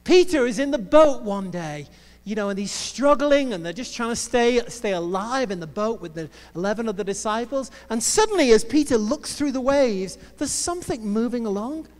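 A man's voice: very high-pitched, lively intonation, moderate pace, a little mellow. A male preacher giving a sermon in a playful, jokey storytelling manner. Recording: long hall reverb.

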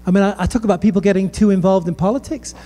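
A man's voice: sits high, fairly even intonation, rapid-fire, warm tone. A male pastor from the United Kingdom preaching a passionate sermon with conversational asides in a church hall. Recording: echoey hall.

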